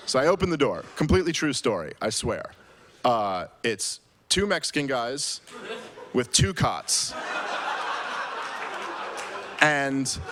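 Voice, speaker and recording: A man in his thirties telling a comic story to a live audience, animated and building to loud, exasperated rants. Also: mid-range voice. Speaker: speaker telling a story on stage.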